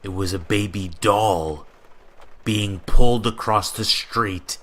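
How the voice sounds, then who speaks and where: A man reading true scary stories aloud in a steady scripted narration. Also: lowish voice, takes it slowly. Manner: steady storytelling read. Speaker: horror story narrator. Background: rain ambience.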